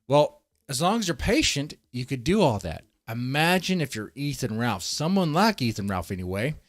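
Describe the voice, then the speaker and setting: A man's voice: mid-range voice, big pitch swings, normal speed, no room sound, studio quality. A man hosting a livestream, rambling in casual, profane commentary and talking straight to his chat. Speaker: livestream host.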